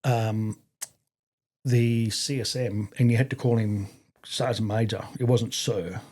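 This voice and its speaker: A middle-aged Australian army veteran rambles through casual stories at a measured pace, his low-ish voice darkish in tone with fairly even intonation. Fillers and restarts are frequent, and he performs quoted voices.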